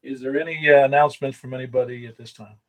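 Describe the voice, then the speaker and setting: A man's voice: mid-range voice, fairly even intonation, quick pace, slight background noise, poor audio. A man acting as net control on a ham radio net, chatting casually and rambling with self-corrections. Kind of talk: casual on-air radio chat.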